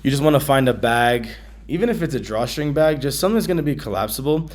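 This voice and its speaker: A man vlogging about his travel gear in a casual, slangy way, with many ums and bursts of excitement. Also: medium pitch, quick pace.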